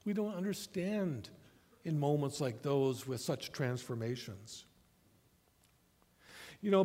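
A man pastor reading scripture and preaching a sermon, telling a story in a measured way and asking rhetorical questions. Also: a little high, darkish tone. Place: church sanctuary. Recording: long church hall reverb.

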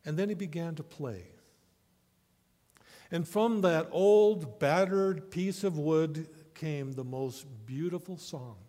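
Male pastor, slow deliberate sermon delivery, slightly high voice, church reverb. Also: dark tone. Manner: measured storytelling with rhetorical questions. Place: church sanctuary. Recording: long church hall reverb.

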